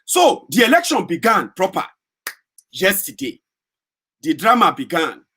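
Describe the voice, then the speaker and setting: A man's voice: high-pitched, wildly swooping pitch, a little slow, pushed and bright, slightly rough. A man with a Nigerian accent giving heated, sarcastic political commentary in a vlog.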